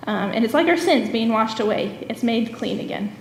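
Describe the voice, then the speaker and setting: A woman's voice: on the high side, expressive, moderate pace, vocal fry, slight background noise. A woman, a camp director and guest speaker, giving a church message as earnest storytelling full of "um" fillers. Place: church sanctuary. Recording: echoey church hall with long reverb.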